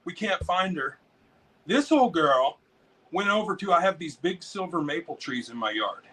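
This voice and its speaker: American guy rambling and cussing through a story, bright voice, pitched a bit high. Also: normal speed, slightly rough, recorded from a distance, poor audio. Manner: profane, rambling, excitable. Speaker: interview guest, dog breeder. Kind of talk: casual storytelling.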